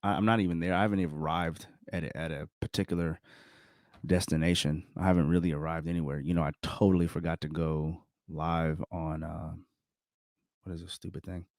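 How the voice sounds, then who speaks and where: A man's voice: sits low, steady tone, a little fast, darkish tone, no echo, studio quality. A middle-aged man talking casually to his viewers on his own, rambling and correcting himself, chuckling often. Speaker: vlogger. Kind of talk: casual solo self-reflection talk.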